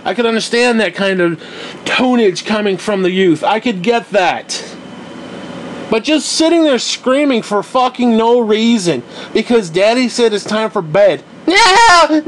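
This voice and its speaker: A man's voice: high voice, measured pace, slight background noise. A young man hosting a podcast, ranting in a casual, profane, exasperated and rambling way. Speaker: podcast host.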